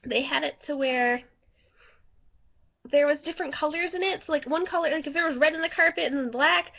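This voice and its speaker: A woman's voice: sits high, fairly quick, vocal fry, dull audio. A young woman chatting casually to her camera, rambling with fillers and giggling between stories. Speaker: vlogger.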